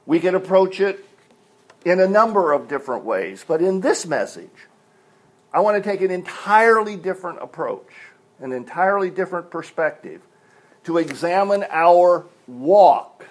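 A man's voice: high voice, expressive, normal speed. An older man preaching a sermon, explaining things step by step like a teacher and leaning on single words for emphasis. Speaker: pastor.

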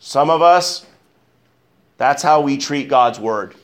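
A pastor preaching a sermon, emphatic, rising on key words and dropping low, asking the congregation questions. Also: male voice, expressive, slow pace. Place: church.

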